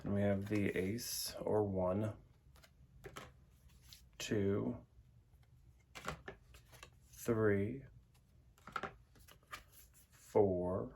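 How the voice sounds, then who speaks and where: A man's voice: on the low side, fairly even intonation, extremely slow, creaky, pauses often, dark tone, slight background noise. A young man casually reviewing a tarot deck, chatty and rambling with lots of filler words. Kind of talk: casual chat.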